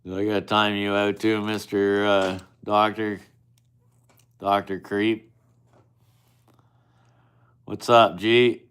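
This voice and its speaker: Slow, deep-voiced man bantering on a stream. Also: level tone, a bit bright, clear, resonant tone. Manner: teasing, bantering, swears casually. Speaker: live streamer. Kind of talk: casual live-stream chat with viewers.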